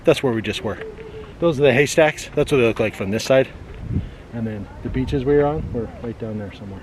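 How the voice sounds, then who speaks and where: On a wind-swept coastal cape, a man talks through a laid-back vlog with deadpan humor and sarcastic asides, occasionally winded by a steep climb. His medium-pitched voice is fairly quick, and the noisy outdoor camera audio picks up crowd noise.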